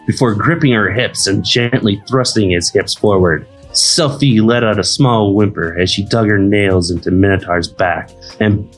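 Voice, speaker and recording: A man reading a story aloud in a plain, steady manner. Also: lowish voice, normal speed, few pauses, soft background music, poor audio. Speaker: reader in a comedy reading group.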